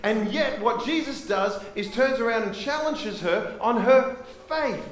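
A man preaching a sermon as pastor, impassioned, swinging from emphatic to hushed and repeating rhetorical questions. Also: high-pitched, animated, normal speed, few pauses, echoey room, a little hiss or hum, low-quality recording.

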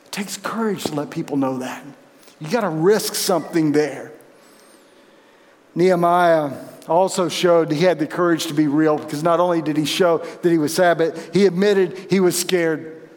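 A man preaching with a high, earnest voice. He swings from emphatic peaks to quiet intensity. The sound carries a long hall reverb. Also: normal speed. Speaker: pastor. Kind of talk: sermon.

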